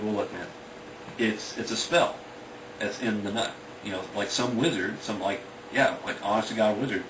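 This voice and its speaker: A man rambling through a story in a casual, filler-heavy way. His voice is low-pitched. It sounds distant and roomy, with clear background noise. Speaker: author retelling his book. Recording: distant, echoey and noisy.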